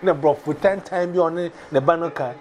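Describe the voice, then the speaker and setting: A man from Ghana with a Ghanaian accent, chatting casually and telling animated, laughing stories that mix Twi and pidgin. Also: on the high side, brisk. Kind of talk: casual chat.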